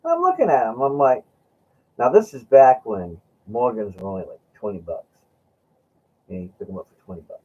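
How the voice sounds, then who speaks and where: A man's voice: medium pitch, sing-song, moderate pace. A man hosting a casual chat, telling rambling stories with laughs and acting out what his friend said. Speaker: host. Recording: dull lo-fi sound.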